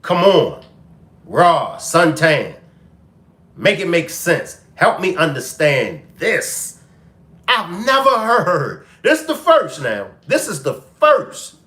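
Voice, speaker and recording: An animated man hosts a live-stream commentary. His voice is bright and fairly high for a man, his pitch swings widely, and he talks slowly, pressing the same question again and again. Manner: animated, repeats questions to the chat. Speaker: commentary show host.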